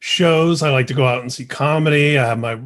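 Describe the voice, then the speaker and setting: Man from Indianapolis, average pitch, relaxed and self-deprecating interview guest. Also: fairly quick. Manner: friendly, easygoing, self-deprecating. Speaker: podcast guest. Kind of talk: casual interview chat.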